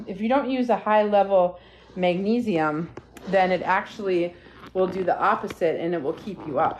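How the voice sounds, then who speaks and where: A woman's voice: on the low side, normal speed, darkish tone, slight background noise. A woman hosting a casual live stream, rambling and chatty as she talks to viewers and her dog, recorded on a phone. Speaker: livestream host. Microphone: phone livestream.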